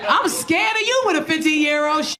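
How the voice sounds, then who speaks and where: A woman's voice: extremely high pitch, lively intonation, a little fast. A brash, profane woman in her thirties with a New York accent, doing stand-up comedy and teasing the crowd on a club stage. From South Bronx, New York. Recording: live club recording with loud crowd laughter.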